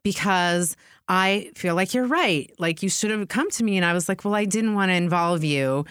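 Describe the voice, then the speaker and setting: A middle-aged woman spins stories in a casual chat, slipping into the voices of the people she quotes. Her voice is smooth and fairly low for a woman. The sound is close and dry, with no room around it. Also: normal speed, no room sound. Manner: animated, acts out quoted voices. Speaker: podcast guest.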